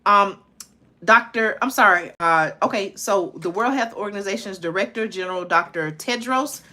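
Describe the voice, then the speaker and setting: Woman, live stream host, urgent, repetitive, keeps asking "okay?", bright tense voice. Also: medium pitch, normal speed. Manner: urgent, repeats herself, says "okay?" and "listen, y'all" often. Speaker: channel host. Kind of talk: live stream commentary reading news aloud.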